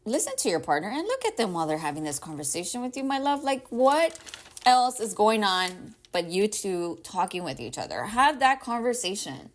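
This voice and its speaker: A woman hosts a casual advice podcast at an easy middle pitch. She rambles warmly and leans on fillers like "right?" and "y'all". At times she sounds emotional and close to tears. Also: big pitch swings, moderate pace, slight background noise. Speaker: podcast host.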